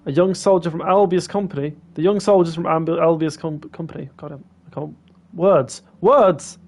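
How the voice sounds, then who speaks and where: A man's voice: fairly high pitch, steady tone, a little fast, darkish tone. A man streaming a game, reading its text aloud and making casual asides. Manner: casual asides between narration.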